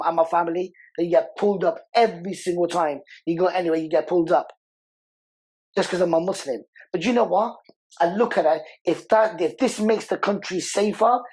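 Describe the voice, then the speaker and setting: A man's voice: sits high, a little mellow, husky, poor audio. A man, speaking as a podcast guest in a heartfelt interview, talking passionately and repeating words for emphasis. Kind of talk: emotional interview conversation.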